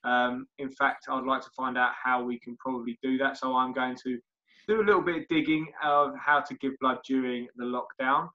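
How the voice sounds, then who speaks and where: A man's voice: medium pitch, steady tone, fairly quick, sharp tone. A man hosting a podcast, chatting casually and filling gaps with ums and uhs. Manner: chatty, friendly sign-off with fillers. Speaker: podcast host. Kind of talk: casual interview chat. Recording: dull lo-fi podcast audio.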